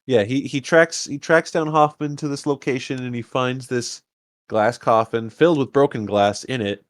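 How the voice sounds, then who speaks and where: A man's voice: mid-range voice, normal speed. A man co-hosting a casual podcast, recapping a horror film with wry, opinionated comments. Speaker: podcast co-host. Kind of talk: casual movie-review chat.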